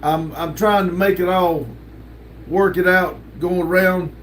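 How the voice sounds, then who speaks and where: A man's voice: high voice, fairly even intonation, a little slow, fairly bright tone, slight background noise. An older man, hosting a casual livestream and reading chat messages aloud in a laid-back drawl with lots of laughs. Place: home room with sticker wall.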